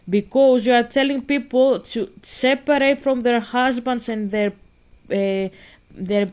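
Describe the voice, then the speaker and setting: A woman delivers a heated vlog rant, emphatic and argumentative as she talks straight back at a critic. Her voice sits a little high. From Greece. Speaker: vlogger. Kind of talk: casual ranting monologue to camera.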